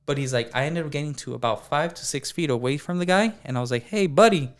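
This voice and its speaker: Male podcast co-host, chatty storyteller, mid-range voice, animated delivery. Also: medium pitch, quick pace. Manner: animated, acts out dialogue, many fillers like "like". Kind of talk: casual storytelling.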